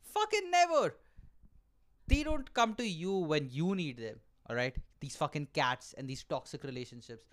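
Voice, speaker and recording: A man's voice: a little high, expressive, moderate pace, few pauses, fairly bright tone. A man hosting his own podcast, delivering a comic, profanity-filled rant and checking in with the listener with repeated asides. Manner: profane, exaggerated ranting with frequent "all right?" asides. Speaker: podcast host and aspiring stand-up comedian.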